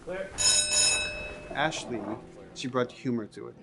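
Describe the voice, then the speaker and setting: A man's voice: mid-range voice, animated, slow, gravelly, over loud music. A man, a game developer, thoughtfully explaining the creative process in an interview.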